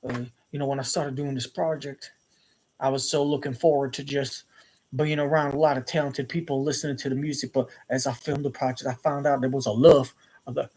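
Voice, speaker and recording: A man putting on a young male movie star who speaks in a slow, deep, mumbled drawl with a mild accent. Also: little pitch movement, darkish tone, husky, lightly acted. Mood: earnest.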